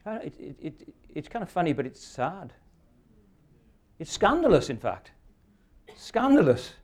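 Retired pastor, sixties, slightly higher voice, emphatic sermon delivery. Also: male voice, sing-song, measured pace, a little mellow. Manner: earnest, emphatic preaching with rhetorical questions.

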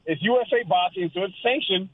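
A man's voice: high voice, brisk, no echo. Rambling man on a tinny phone line. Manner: rambling, storytelling. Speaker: guest amateur boxer. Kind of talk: casual chat.

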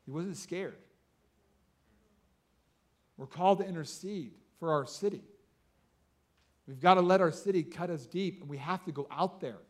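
A man in his thirties preaching a sermon, telling stories excitedly with lots of fillers like "like" and "you know". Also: on the high side, normal speed, long pauses. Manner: excitable storytelling with many fillers. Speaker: pastor.

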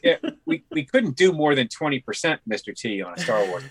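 A man chatting casually on a podcast in a lively, jokey way. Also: medium pitch, a little fast, rough recording. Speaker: podcast co-host. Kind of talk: casual chat.

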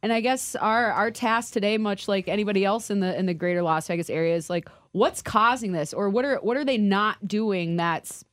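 A woman co-hosting a casual sports talk show, quick and teasing, breaking down the game. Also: mid-range voice, no echo, studio quality.

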